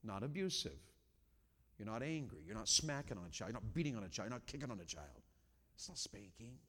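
A middle-aged man preaching a sermon as a pastor, dropping to quiet talk and then rising to loud, high-pitched preaching. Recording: hall reverb.

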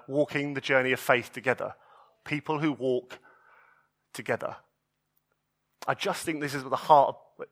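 A man's voice: mid-range voice, bright, forceful tone. A man in his thirties, a pastor delivering an earnest, pleading sermon and often restarting his phrases.

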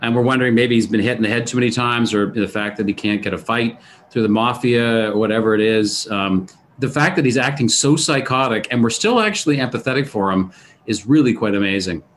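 A man's voice: medium pitch, a little fast, slight background noise. A man in a casual film discussion, animatedly retelling scenes, with many fillers and restarts.

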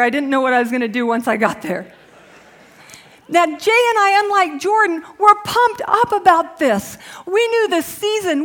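Woman, middle-aged, high voice, preacher, sermon, hushed prayer, lively storytelling.

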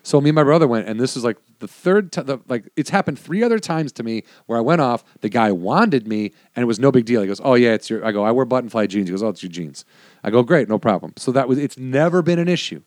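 Animated man telling stories. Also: medium pitch, quick pace, dry recording, clean studio sound. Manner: animated storyteller, acts out quoted people. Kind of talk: casual chat.

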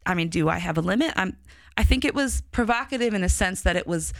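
A woman's voice: medium pitch, expressive, fast talker, dry recording. A middle-aged woman with a touch of a Chicago accent, co-hosting a church podcast and talking candidly and reflectively, trailing off and restarting her thoughts. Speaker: podcast co-host. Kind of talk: casual church podcast discussion.

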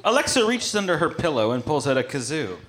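A man's voice: a little high, sing-song, fast talker, a bit bright. A man narrating a comedy scene, amused and often laughing mid-line. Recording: noisy recording.

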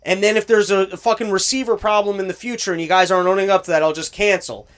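High-voiced man ranting profanely. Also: steady tone, quick pace, fairly bright tone. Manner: profane, exasperated ranting, acts out both sides of calls. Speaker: storyteller on a talk show. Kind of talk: casual chat.

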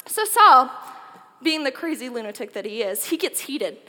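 A woman's voice: sits high, moderate pace, big-room sound. A woman giving a chatty, joking youth talk, retelling a Bible story casually. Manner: animated, chatty, jokey. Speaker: youth speaker.

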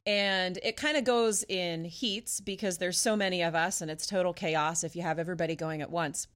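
A woman pastor co-hosting a podcast, telling a funny story in a casual, animated way and laughing often. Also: fairly low pitch, normal speed.

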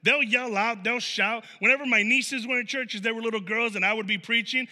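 A man delivers a casual, animated sermon from the pulpit, his voice pitched high and ringing very bright. He talks like he's chatting with friends, full of "like" and quick restarts, acting out what people say. The church hall adds a long, lingering reverb. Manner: animated storytelling with playful acted-out quotes; casual speech with many "like" fillers and restarts. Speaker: pastor. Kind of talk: conversational sermon. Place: church sanctuary.

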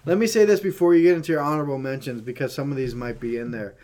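A man's voice: medium pitch, steady tone, rapid-fire, dark tone. Rambling man in casual chat. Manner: rambling, filler-heavy, teasing. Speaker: podcast co-host.

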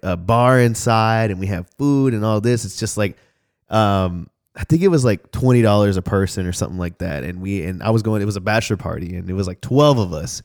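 A young man from Houston chatting casually on a podcast, telling a story in a laid-back way with a lot of swearing. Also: lowish voice. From Houston, Texas. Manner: laid-back, swears a lot, acts out voices loudly when telling stories.

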